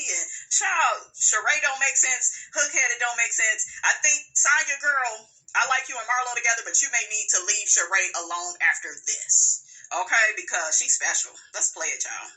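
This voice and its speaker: A woman hosting a reality TV recap, gossiping casually with sassy put-downs and playful asides to her viewers. She drags some words out slowly for emphasis. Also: on the high side, animated, pushed and bright, low-quality recording.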